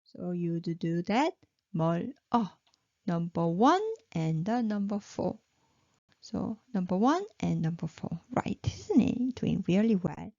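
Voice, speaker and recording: A woman with a Korean accent teaching a language lesson, speaking slowly and patiently and repeating words for practice. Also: fairly low pitch, expressive, darkish tone, no echo, highs cut off.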